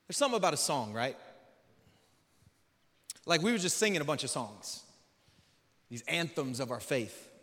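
A man's voice: very animated, normal speed, long pauses. Man preaching in a big echoing hall. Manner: swings from loud preaching to quiet, low musing. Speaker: pastor. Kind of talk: sermon. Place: large church hall. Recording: long hall reverb.

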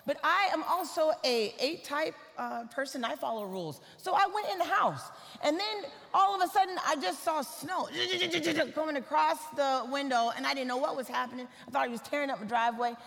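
A woman, from Atlanta, giving a church sermon full of humorous personal stories told in a lively, animated way. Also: high-pitched, a little fast, gravelly, long reverb tail. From Atlanta, Georgia, US. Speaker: guest preacher.

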